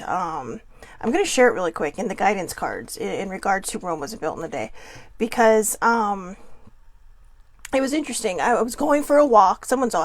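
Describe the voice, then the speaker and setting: Lively, chatty woman vlogger with gravelly fry. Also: fairly high pitch, no room sound. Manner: chatty, laughs often, many fillers; animated, lively quoting in dream story. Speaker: vlog host. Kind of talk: casual rambling chat.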